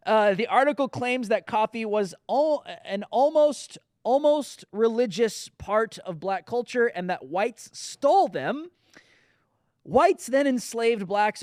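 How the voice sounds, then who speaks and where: A man's voice: high-pitched, clean tone, dry recording, studio quality. A man hosting a political commentary show, talking in a sarcastic, mocking way. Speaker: host.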